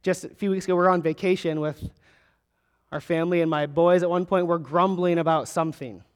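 High-voiced man preaching in a reverberant hall. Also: fairly even intonation, smooth. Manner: emphatic, rising and falling delivery with long pauses. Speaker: pastor. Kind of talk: sermon. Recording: long reverb of a large hall.

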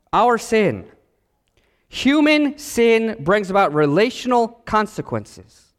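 A man preaching a sermon as pastor, animated and acting out the voices in his stories. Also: high-pitched, in a large hall.

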